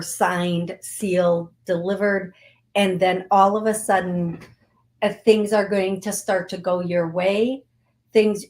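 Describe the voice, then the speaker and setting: Slow-spoken woman psychic host. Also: mid-range voice. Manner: warm coaxing, emotional, repeats phrases. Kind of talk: live call-in reading and guided healing.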